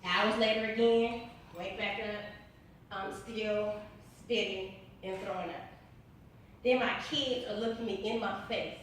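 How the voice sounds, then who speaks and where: A woman speaks earnestly and with emphasis about her own experience, circling back over the same phrases in a loose, informal way. Her voice is middle-pitched and picked up from some way off the mic. A big, ringing room echo surrounds every word. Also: fairly even intonation, unhurried, fairly bright tone, a little hiss or hum. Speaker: author and interview guest. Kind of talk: personal storytelling in an interview. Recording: very echoey room, distant mic.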